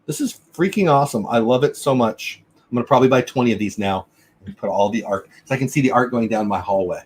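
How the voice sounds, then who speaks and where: A man's voice: mid-range voice, fast talker, breathy edge. A man hosting a casual livestream from home, chatting enthusiastically and answering viewer comments. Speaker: livestream host. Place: home room. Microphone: desk mic.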